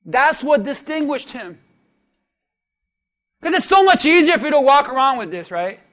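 A man with a strikingly high voice preaches a sermon from the pulpit. He pulls the congregation into call-and-response and swings between hushed asides and shouted peaks. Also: sing-song, normal speed. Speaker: pastor.

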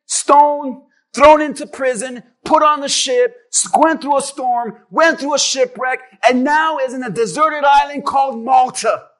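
A male pastor preaching a sermon, dramatic and rising to shouts as he acts out what people would say. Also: very high voice, unhurried, hardly any pauses. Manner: dramatic, shouting at peaks, acting out quotes.

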